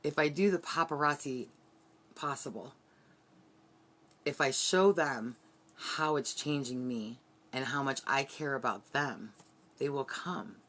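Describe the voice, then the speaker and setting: A woman's voice: extremely low pitch, unhurried, pauses often, a bit bright. A woman giving an earnest, heartfelt motivational team training from her bedroom. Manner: earnest, heartfelt, repetitive pep-talk.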